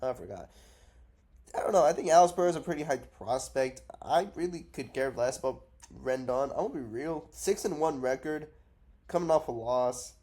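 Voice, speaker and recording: A man's voice: medium pitch, lively intonation, normal speed, dark tone. Man, casual fight-picks commentary, blunt, profane, groggy from being sick. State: unwell, drowsy from cough syrup. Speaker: MMA predictions vlogger.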